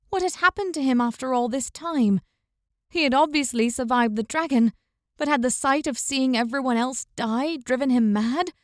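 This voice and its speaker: A woman narrating a fantasy audiobook in a measured, even storytelling manner. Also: high-pitched, no echo. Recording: dry, close recording.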